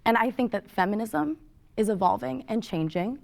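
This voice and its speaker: Higher-voiced woman arguing in a debate. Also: expressive, moderate pace, creaky, darkish tone. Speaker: debate participant. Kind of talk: debate discussion.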